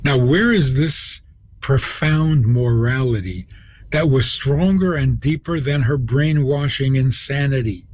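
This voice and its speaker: A man, a rabbi, telling a story on a radio program, with deliberate pauses and acted-out quotes. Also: mid-range voice.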